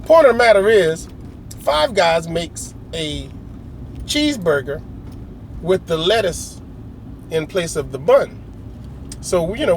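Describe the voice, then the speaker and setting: A man's voice: fairly high pitch, a little hiss or hum. A middle-aged man telling a long, rambling story in a casual, slangy way, often acting out other people's lines. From United States. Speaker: vlogger.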